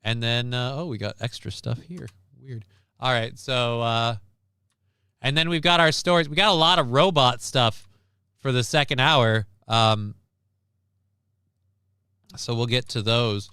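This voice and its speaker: A man's voice: medium pitch, a little slow, long pauses, pushed and bright, clear, resonant tone, no room sound. A man hosting a casual live stream, rambling and wry with crude asides, reading out and thanking viewers. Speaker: stream host.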